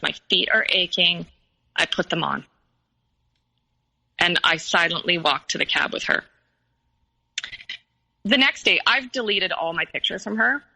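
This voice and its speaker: A woman's voice: medium pitch, creaky, sharp tone, rough recording. A woman recounting a painful personal story in an interview, hesitant and full of fillers and restarts. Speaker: guest telling her story.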